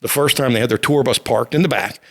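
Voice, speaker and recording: A middle-aged man hosting a podcast, his voice sitting at an ordinary male pitch. He tells stories in a candid, meandering way, often restarting his sentences. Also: fast talker, fairly bright tone. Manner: rambling, frank, with many restarts. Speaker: podcast host.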